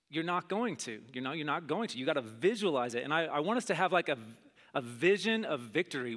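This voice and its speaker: A middle-aged man preaching a sermon, telling stories and acting out scenes with big jumps in his voice. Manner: animated, acts out scenes with big pitch jumps. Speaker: pastor. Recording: long hall reverb.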